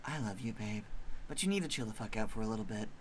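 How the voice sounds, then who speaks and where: A streamer voicing a calm, laid-back female monster from a bone island, with a low, deadpan manner. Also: quick pace, a little hiss or hum, lightly acted. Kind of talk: game dialogue voiced by streamer.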